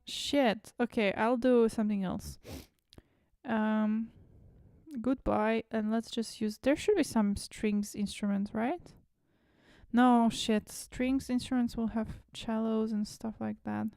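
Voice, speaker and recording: A woman's voice: on the high side, slow pace, gravelly, darkish tone, no room sound, clean studio sound. A woman talking to herself as she produces music at home, muttering, humming and now and then swearing. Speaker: music producer streaming a work session. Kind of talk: casual self-talk while producing music.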